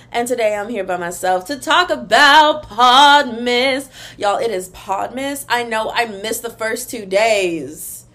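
A woman's voice: fairly high pitch, slow, few pauses, fairly bright tone, soft background music. A young woman hosting a casual solo podcast, chatty and gossipy, calling her listeners y'all, talking into her computer's built-in mic at home. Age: young adult. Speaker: podcast host. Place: room at home in front of a wall.

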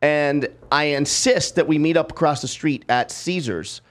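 A middle-aged man hosts a casual podcast and spins a long tale with gusto. He acts out every character and swears freely. His voice sits a little high for a man. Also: a little slow. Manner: lively storyteller, acts out quotes, swears freely. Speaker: podcast host.

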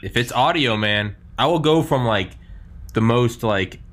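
A podcast host in his thirties chats casually in a medium-pitched, slightly bright voice with lively intonation and an unhurried pace. His talk is loose and rambling, stuffed with "like" and "man".

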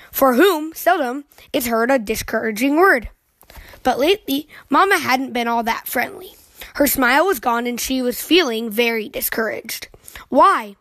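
Expressive female storyteller for children, bright-pitched, close and dry. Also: moderate pace, no echo. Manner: expressive, lively reading. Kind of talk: reading a picture book aloud.

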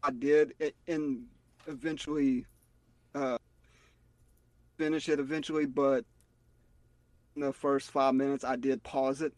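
A man chatting on a podcast, speaking haltingly with many pauses. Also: mid-range voice, level tone, darkish tone, no room sound, poor audio. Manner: hesitant, halting, unhurried. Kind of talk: casual chat.

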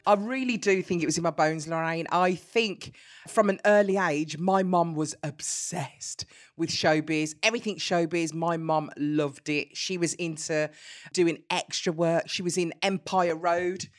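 A middle-aged woman with a Birmingham accent, a guest telling lively stories in an interview and laughing easily. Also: fairly low pitch, measured pace. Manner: animated storyteller, laughs easily. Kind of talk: conversational interview.

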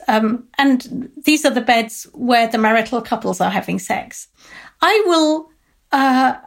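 A woman professor giving a thoughtful close-reading, pausing with frequent ums and uhs and quoting lines aloud. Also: high voice. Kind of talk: lecture close-reading of a text.

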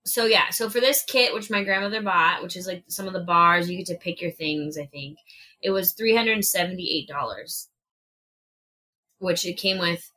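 A woman's voice: lowish voice, normal speed, bright, forceful tone. A woman co-hosting a podcast, chatting casually and swearing as she taste-tests food and reads out prices. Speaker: podcast co-host. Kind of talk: casual chat while taste-testing food. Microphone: podcast mic in a shared room.

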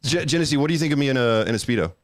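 A man hosts a casual livestream in a playful, defensive, joking tone. His pitch swings widely as he talks. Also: very fast. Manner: animated, playful, defensive teasing. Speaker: livestream host.

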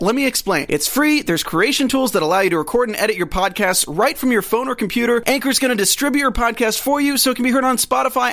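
A man reading a podcast sponsor ad in a brisk, enthusiastic pitch. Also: fairly bright tone. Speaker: podcast ad reader. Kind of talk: read sponsor ad.

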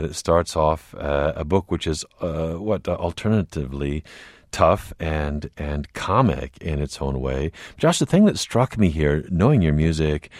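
Very deep-voiced male interviewer. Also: a little mellow, no echo, clean studio sound. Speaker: radio interview host. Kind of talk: interview talk.

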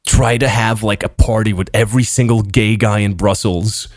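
A man's voice: on the low side, steady tone, no echo, clean studio sound. A young man from Belgium, a podcast co-host telling stories in casual banter and swearing freely. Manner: swears freely, quick storytelling bursts.

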